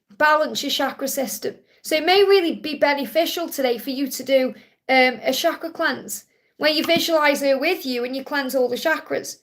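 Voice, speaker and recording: Live tarot host, female: high voice with gravel in it, reassuring and affectionate with viewers. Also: fairly bright tone. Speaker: tarot card reader and live stream host. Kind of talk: live tarot reading, answering viewer questions.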